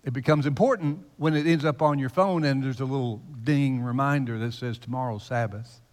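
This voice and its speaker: A male pastor giving a conversational, teasing sermon in a church, his voice swinging between loud emphasis and hushed asides. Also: mid-range voice, fairly quick. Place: church sanctuary. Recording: long reverb of a large hall.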